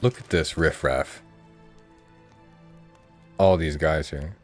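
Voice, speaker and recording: Low-voiced streamer guy, mid-atlantic accent, chatting casually over faint game music. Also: takes it slowly. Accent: Mid-Atlantic American. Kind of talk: casual gameplay commentary.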